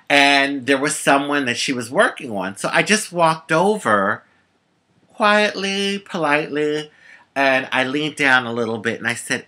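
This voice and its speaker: Sassy, bright-voiced woman telling a story. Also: very deep voice. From United States. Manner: sassy, animated storytelling with sharp comebacks. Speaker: vlogger. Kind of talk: casual storytelling to camera.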